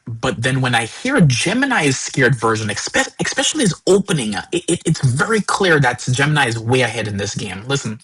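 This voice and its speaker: A man hosting a live tech stream, talking casually and stammering with repeated words when excited. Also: mid-range voice, moderate pace, husky, poor audio. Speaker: host.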